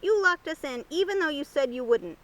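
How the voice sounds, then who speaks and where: A woman reading a storybook puts on a flock of bossy, stubborn hens who complain indignantly. The voice is high and swings widely. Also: expressive, brisk.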